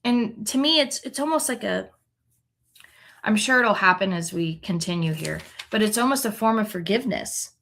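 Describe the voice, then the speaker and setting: A woman's voice: medium pitch, expressive, moderate pace, creaky, fairly bright tone, a little hiss or hum. A woman Bible teacher reading scripture aloud and adding chatty, reflective commentary, often checking in with "right?". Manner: conversational, tag questions like "right?".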